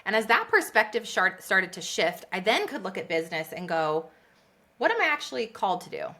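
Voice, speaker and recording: A business coach appears as a guest on a podcast, telling her story in a lively, conversational way. Her medium-pitched voice is brisk and animated, she laughs often, and she acts out what people said to her.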